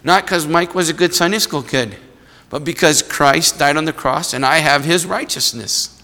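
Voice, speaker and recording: A man's voice: on the high side, moderate pace, sharp tone. A man preaching a sermon in a conversational way, acting out small voices in his stories. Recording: long hall reverb.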